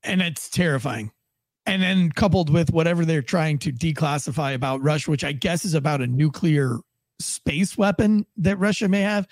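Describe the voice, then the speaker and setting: A man's voice: fairly high pitch, moderate pace, no room sound. A man, a former police officer, co-hosting a podcast in a rambling, casual way with many restarts. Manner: rambling, restarts a lot, acts out quoted tones.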